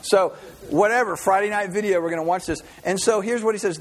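A male pastor preaching a sermon, telling Bible stories in an animated way and often stringing thoughts together with "and". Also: high voice, fairly quick. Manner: animated, storytelling, with many repeated "and"s.

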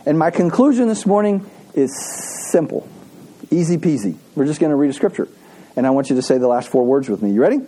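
A man's voice: on the high side, lively intonation, fast talker, dark tone, slightly rough, rough recording. A man preaching a conversational sermon to his congregation. He repeats key phrases and asks the room to read scripture aloud with him. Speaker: pastor. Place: church service.

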